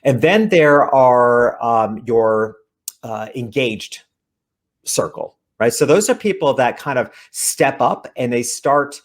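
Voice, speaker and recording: Man, author guest, earnest explanatory talk, mid-pitched voice, interview conversation. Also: lively intonation, slow pace.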